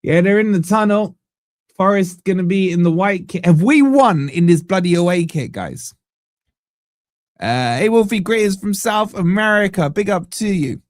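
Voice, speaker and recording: Bantering fan-stream host, dry sound. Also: male voice, high-pitched, lively intonation, moderate pace, no echo. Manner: banter-heavy, gives shout-outs to viewers. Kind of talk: live football watch-along stream.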